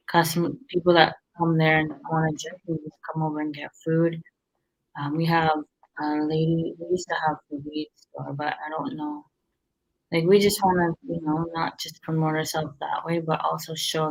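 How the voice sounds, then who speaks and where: A woman's voice: low voice, vocal fry, poor audio. A tired woman chatting casually about running her restaurant, rambling with many fillers and restarts. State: tired, yawning. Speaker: restaurant owner giving business tips. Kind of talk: casual chat.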